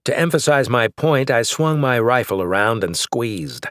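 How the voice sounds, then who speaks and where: A man narrating an action novel in first person, in a steady, measured way. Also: medium pitch, no room sound, studio quality. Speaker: audiobook narrator.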